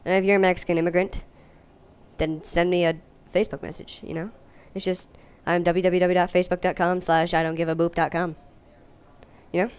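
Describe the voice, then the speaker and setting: A young woman giving goofy, jokey gameplay commentary, now and then breaking into silly high-pitched voices. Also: flat delivery, fairly quick, darkish tone, clean tone. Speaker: let's play host.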